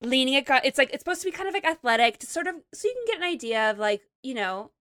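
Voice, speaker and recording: A woman's voice: high voice, quick pace, dry recording. Chatty woman telling a story, dry sound. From Montana. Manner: animated storytelling, quotes people in playful voices. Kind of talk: casual chat.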